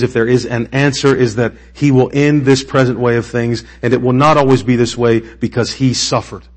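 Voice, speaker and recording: A husky-voiced man preaches from the pulpit in a loose, conversational way. His voice sits in a middle register, and it turns emotional and climbs into impassioned peaks. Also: medium pitch. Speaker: pastor. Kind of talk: sermon.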